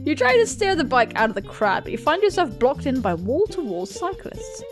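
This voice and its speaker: Young female gaming host, high, very lively voice, giggly reads of game text with jokey asides. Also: music in the background. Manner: giggly, reads game text quickly and jokes between lines. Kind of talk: reading a visual novel aloud with commentary.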